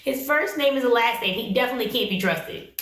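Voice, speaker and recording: A woman's voice: fairly high pitch, fast, fairly bright tone, close to an everyday voice. A woman voicing a blunt grown son, suspicious of his mother's new boyfriend. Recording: roomy echo.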